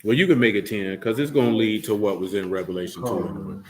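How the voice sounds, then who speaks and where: A man's voice: on the low side, fast talker. A man leading a Bible study, teaching loosely and breaking into teasing, joking asides. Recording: echoey room.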